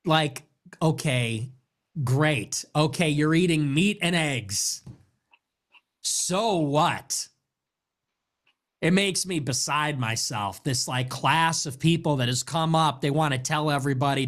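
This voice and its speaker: A man's voice: a little high, expressive, measured pace, a bit bright. A man hosting a podcast, delivering an exasperated, sarcastic and profane comedic rant. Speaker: podcast host. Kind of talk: comedic ranting monologue.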